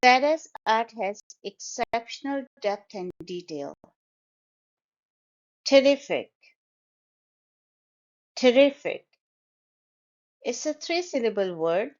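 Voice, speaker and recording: A woman teaching English vocabulary, pronouncing each word slowly and carefully, syllable by syllable. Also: a little high, animated, muffled recording. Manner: slow, careful, syllable-by-syllable pronunciation. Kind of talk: pronunciation lesson.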